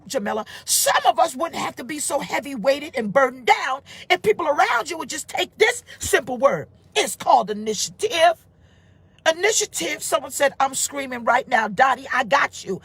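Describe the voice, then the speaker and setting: A middle-aged woman pastor preaching a live-streamed sermon, emphatic and informal, rising to shouts and reading out comments from viewers. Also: sits high, expressive, moderate pace, no echo.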